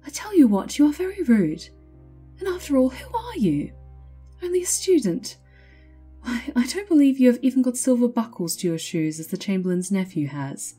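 Woman doing a haughty spoiled girl, high and sneering, husky edge, storybook reading. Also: sing-song, normal speed, warm tone, soft background music. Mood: scornful.

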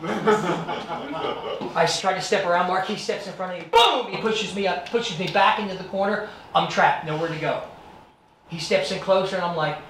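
A high-pitched man tells his life story to students with dramatic, animated delivery. The sound is roomy and echoey, captured from a distant mic with faint background hiss. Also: moderate pace, crowd noise. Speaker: actor and martial artist giving a presentation.

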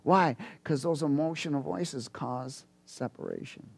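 Male preacher, high voice, lively sermon delivery with loud peaks and quiet asides. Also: unhurried, gravelly, breathy edge. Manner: animated, swings from loud bursts to low asides.

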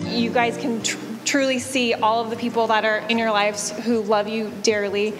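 A young woman giving a heartfelt, slightly halting toast as maid of honor. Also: fairly high pitch, flat delivery. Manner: warm, laughing, a bit halting. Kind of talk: emotional wedding toast. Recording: echoey hall reverb. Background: soft music.

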